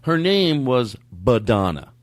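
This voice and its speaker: A man's voice: medium pitch, a little slow, no room sound. A man hosting a comedy podcast in casual chat, telling rambling stories and acting out quotes. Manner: animated, rambling storytelling with acted-out quotes. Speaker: podcast host.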